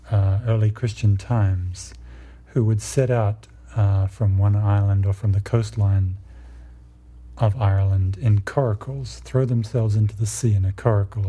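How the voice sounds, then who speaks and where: A man with a very dark, mellow and somewhat husky voice, speaking in a low register. He lectures in a measured, explanatory way, walking listeners through ideas step by step. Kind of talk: lecture on myth and psychology.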